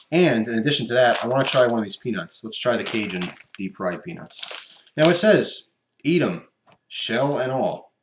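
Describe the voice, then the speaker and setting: Rambling man tasting snacks, echoey room. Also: fairly low pitch. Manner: rambling, chatty, talks while chewing. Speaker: vlogger. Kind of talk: casual unboxing and taste-test vlog. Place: room at home by his computer. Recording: echoey room with background noise.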